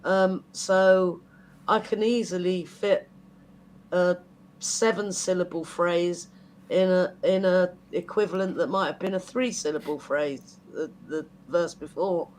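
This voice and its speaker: Rambling songwriter guest, mid-pitched voice. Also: steady tone, a little slow, darkish tone. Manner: rambling, many restarts, laughs easily. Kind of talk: casual podcast chat.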